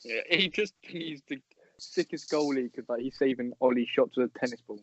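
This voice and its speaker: A young man chatting on a podcast, animated, quoting people in put-on voices and laughing. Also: mid-range voice, fairly quick, lo-fi sound. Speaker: podcast co-host. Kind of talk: casual chat.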